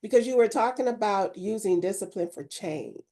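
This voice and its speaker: A woman's voice: mid-range voice, animated, moderate pace, loud music behind the voice. A woman co-hosting a casual chat, mostly giving short replies and dry remarks. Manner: brief interjections and dry remarks. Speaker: co-host and minister.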